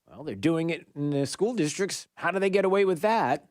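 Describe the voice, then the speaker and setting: A man from New York hosting a call-in radio talk show, chatty and rambling with quick asides. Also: high voice, expressive, no room sound, studio quality.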